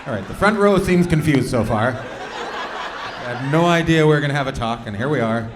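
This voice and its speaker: A man's voice: medium pitch, lively intonation, moderate pace. A male stand-up comedian doing crowd work in a club, brash and profane as he needles audience members. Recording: echoey club with loud crowd and noise.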